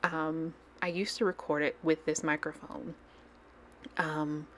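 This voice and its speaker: A low-pitched woman talks casually into a desk microphone at home as she decorates her digital planner. She rambles, gushes, and slips into soft, near-whispered asides. Faint room ambience sits underneath. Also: level tone, slow pace, slight background noise. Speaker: planner channel host.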